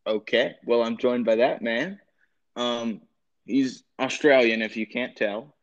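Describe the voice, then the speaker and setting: Fields: male podcast host, slow and hesitant. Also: medium pitch. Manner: hesitant, giggly, filler-heavy. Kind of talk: casual comedy podcast. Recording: dull lo-fi recording.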